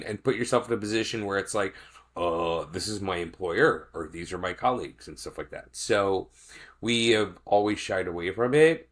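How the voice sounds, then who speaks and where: A middle-aged man co-hosting a dad podcast, talking in a measured, reflective way in casual chat. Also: sits low. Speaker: podcast co-host.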